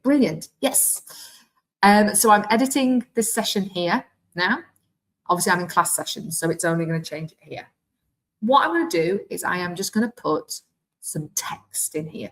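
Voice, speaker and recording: A woman with a Welsh accent giving a live online software demonstration as a teacher trainer, chatty and thinking aloud as she clicks through. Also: on the low side, rough recording. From Wales.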